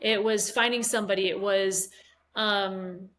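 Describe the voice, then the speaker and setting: A woman's voice: medium pitch, steady tone, unhurried, a bit bright. A woman in her forties, a fitness coach, telling a personal story candidly and emotionally, with hesitations. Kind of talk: interview conversation.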